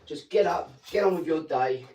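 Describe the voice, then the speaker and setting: A man's voice: fairly high pitch, normal speed, background noise. An English man in his forties from England, hosting a live stream and lecturing viewers in a combative, talking-down way at home. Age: 40s. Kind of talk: ranting live-stream monologue. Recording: echoey room, mic at a distance.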